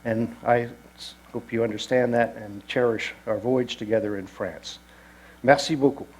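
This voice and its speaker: A man giving an informal travel lecture to an audience, halting speech with frequent pauses and restarts, and dry asides. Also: on the low side, fairly even intonation, slight background noise, poor audio. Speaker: destination lecturer.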